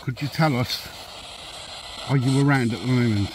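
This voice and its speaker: A man's voice: mid-range voice, background noise. Brummie man calling out to spirits. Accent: Birmingham. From Birmingham, England. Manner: slow, coaxing, polite questioning. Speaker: paranormal investigator. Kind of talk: calling out to spirits on a ghost hunt. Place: outdoors at night by a railway track.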